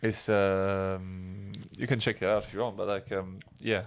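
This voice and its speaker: A man's voice: low-pitched, flat delivery, measured pace, gravelly, clean tone. Hesitant man searching for his words. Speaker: podcast co-host. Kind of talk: casual chat.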